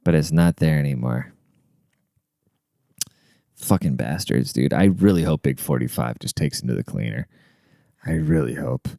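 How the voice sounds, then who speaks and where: A man's voice: extremely low pitch, animated, moderate pace, gravelly, pauses often, warm tone, no room sound, studio quality. A young man hosting a podcast, telling stories in a rambling, profane, conversational way. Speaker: podcast host. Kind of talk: casual storytelling monologue.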